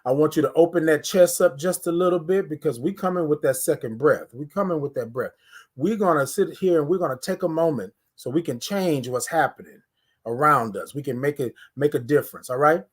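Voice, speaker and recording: Slightly rough, higher-pitched, and a little fast, this man hosts an energetic morning livestream. He speaks straight to viewers, repeats phrases, and guides them through breathing in casual talk picked up by a phone or webcam near his face.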